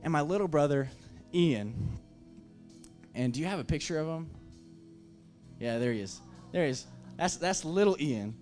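A man's voice: fairly high pitch, lively intonation, normal speed, long pauses, darkish tone, soft background music. A man preaching a sermon as pastor, impassioned, with emphatic repeated phrases.

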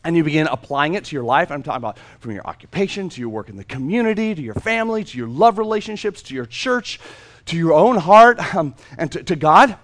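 A man preaching a sermon with a high, lively voice that swings up and down a lot. He is animated and playful, acts out the voices in a story and repeats words for emphasis. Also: fast. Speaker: pastor.

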